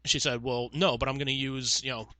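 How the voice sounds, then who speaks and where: Bright-voiced sarcastic man telling stories. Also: medium pitch, fairly even intonation, a little fast, no room sound. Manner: sarcastic, profane, mimics callers in exaggerated voices. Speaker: podcast co-host, former call center worker. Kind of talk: casual storytelling chat.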